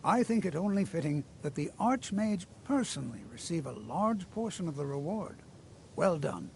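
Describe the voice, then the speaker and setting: A man's voice: on the high side, sing-song, normal speed, creaky, a little mellow, a little hiss or hum. An actor playing a formal, courteous male mage official in a video game. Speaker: game character.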